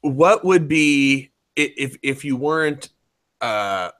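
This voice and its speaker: A man's voice: medium pitch, expressive, slow, fairly bright tone, dry recording. A man hosting a casual podcast chat, blunt and opinionated, swearing freely.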